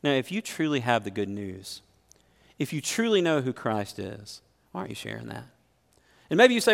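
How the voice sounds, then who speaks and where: A man's voice: mid-range voice, very animated, normal speed, gravelly. A middle-aged man preaching a sermon as pastor, earnestly putting questions straight to his congregation. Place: church sanctuary. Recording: long reverb of a large hall.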